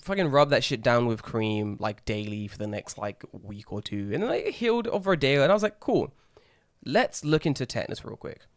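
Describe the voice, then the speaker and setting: A man's voice: medium pitch, fairly quick, no echo, clean studio sound. A young man co-hosting a podcast, telling a rambling story in casual chat, swearing often and acting out the people he quotes. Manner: rambling, swears a lot, animated when acting out others. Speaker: podcast co-host.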